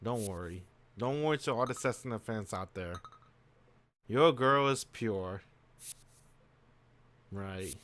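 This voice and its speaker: A man's voice: lowish voice, lively intonation, slow, long pauses, a bit bright. A man streaming a visual novel, musing aloud in casual slang as he reacts to the story. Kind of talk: casual let's-play commentary.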